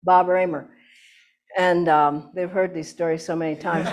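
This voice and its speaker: An older woman giving an inspirational satsang talk as a spiritual teacher, telling anecdotes in a lively way and laughing often. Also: fairly low pitch, moderate pace, crowd noise.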